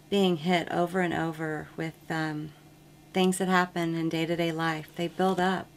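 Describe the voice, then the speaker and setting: Low, gravelly-voiced woman nurse. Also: a little hiss or hum. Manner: earnest, reflective storytelling with frequent ums. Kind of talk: testimonial interview.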